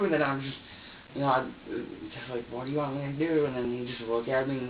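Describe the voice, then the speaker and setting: A man's voice: mid-range voice, steady tone, fast, far from the mic. A man recounting events under police questioning, rambling and repeating himself as he acts out his own words. He sits well back from the microphone in a reverberant interrogation room. The recording is dull and muffled, with a faint hiss underneath. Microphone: room surveillance microphone.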